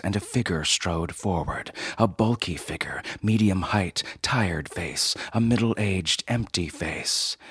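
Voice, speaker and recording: A man narrating a dark science-fiction story in a measured, dramatic reading. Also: low voice, husky, no echo.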